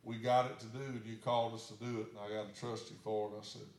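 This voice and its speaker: Folksy pastor in an echoey church. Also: male voice, fairly low pitch, level tone, quick pace, darkish tone. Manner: folksy, plainspoken storytelling. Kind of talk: sermon storytelling. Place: church sanctuary.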